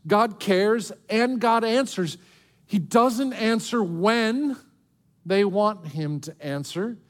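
A male pastor preaching a sermon, swinging between soft, hushed lines and emphatic outbursts. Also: high voice.

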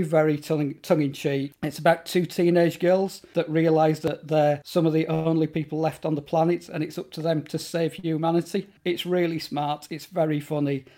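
This guest's warm, fairly high voice carries a rambling, enthusiastic conversation about horror films in a casual interview. He fills it with false starts and filler words.

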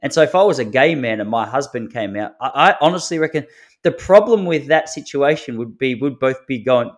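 A man hosts a solo podcast, spinning loose comic stories. His voice sits at an ordinary mid pitch, relaxed and chatty, and he chuckles at his own jokes as he goes. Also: a little fast. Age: 30s. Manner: laid-back storytelling with chuckles. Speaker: podcast host. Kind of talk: solo comedic podcast monologue.

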